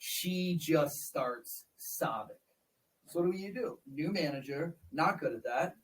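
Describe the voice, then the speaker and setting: A man's voice: a little high, expressive, slow pace, distant mic, poor audio. A man in his forties hosting a casual interview chat, telling stories with repeated words and laughing as he talks. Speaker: podcast host.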